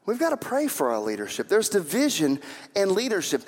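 A man's voice: sits high, wildly swooping pitch, fairly quick. A man preaching a sermon as pastor, acting out quoted voices and building to fervent emphasis. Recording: long hall reverb.

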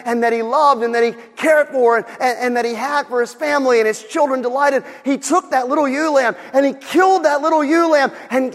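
A man preaching a sermon, animated, repeating words, going soft for storytelling and rising to shouts. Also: very high-pitched, long reverb tail. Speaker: pastor.

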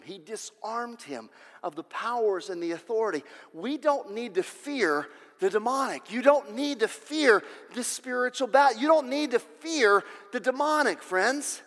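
A pastor preaching a sermon, emphatic and repetitive, swinging between loud passages and hushed ones. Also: male voice, extremely high pitch, long reverb tail.

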